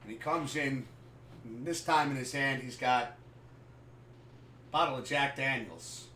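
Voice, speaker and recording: A man hosting a live sports podcast, telling a story casually and animatedly, swearing freely and acting out scenes loudly. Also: medium pitch, measured pace, slight background noise. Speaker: podcast host. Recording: echoey room, far from the mic.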